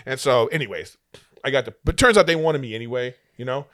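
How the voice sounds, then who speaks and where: A man's voice: mid-range voice, fast talker, no echo. Man telling stories, dry sound. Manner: animated anecdotes acting out what people said. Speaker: comedian and actor, guest. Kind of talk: casual interview storytelling.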